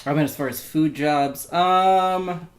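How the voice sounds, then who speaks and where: A man's voice: on the high side, takes it slowly. A young man chatting casually on a podcast, telling rambling stories with lots of filler words and swearing. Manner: rambling storyteller, swears, many "like"s.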